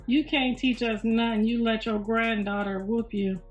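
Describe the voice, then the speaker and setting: This livestream host, a woman in her fifties broadcasting casually from home, talks with blunt frankness, frequent profanity, and lots of laughter. Her voice is a little high, level in tone, and moderately paced, captured in a roomy, distant, slightly muffled recording with faint music.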